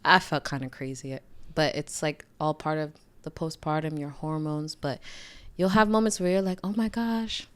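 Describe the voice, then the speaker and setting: A young woman, a mother, giving casual advice in a reflective, lively way. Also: low voice, normal speed, few pauses, smooth. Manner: reflective, animated when acting out inner voices. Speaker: guest mother.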